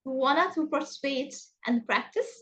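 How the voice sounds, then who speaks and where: A woman with an Egyptian accent teaching English intonation in an online class over a video call, speaking slowly and emphatically. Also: fairly bright tone, rough recording. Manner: slow, emphatic, exaggerated rising and falling pitch.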